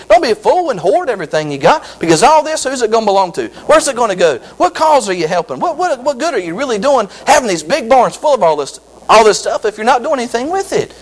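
A male pastor delivers a lively sermon, his fairly high voice swooping up and down as he hammers his points home with repetition. When he reads scripture, he slows to a measured, drawn-out cadence. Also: rough recording. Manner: animated preaching, repeats phrases for emphasis; slow drawn-out scripture reading.

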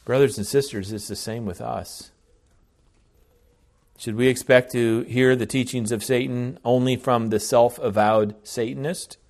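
A man preaching a sermon in an earnest, deliberate way, often restarting his phrases. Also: mid-range voice, fairly even intonation, darkish tone.

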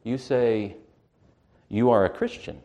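A man voicing a male devil who quietly taunts and accuses a believer. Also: medium pitch, takes it slowly, voice pushed down. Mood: taunting.

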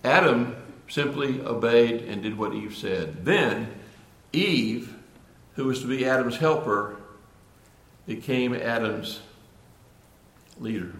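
A man's voice: medium pitch, slow, a bit bright. A man preaching a sermon with earnest emphasis, often repeating and restarting phrases before building to emphatic points. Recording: echoey room.

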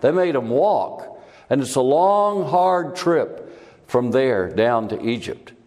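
A man's voice: medium pitch, slow. A male preacher delivers an expository sermon, his voice rising and falling as he asks his listeners questions. His mid-range voice carries a long hall reverb, as if recorded in a church. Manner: animated, rhetorical questions, shifting loudness.

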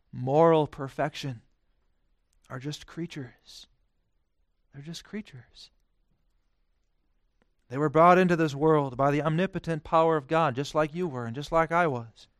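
A male preacher delivering a sermon with a high, smooth, resonant voice. He drops to hushed, quiet phrases, then rises to loud, emphatic declarations. The sound is dry and close, with little room echo.

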